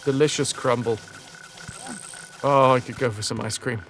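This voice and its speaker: A man's voice: mid-range voice, fairly even intonation, moderate pace, noisy background. A man giving casual, joking gameplay commentary as a streamer, swearing freely.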